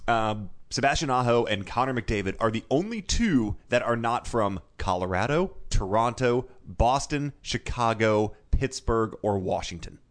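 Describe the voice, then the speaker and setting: A man co-hosting a casual sports podcast who laughs easily and digs into stats, in a deep morning voice. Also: animated, a little slow, few pauses. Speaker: podcast co-host.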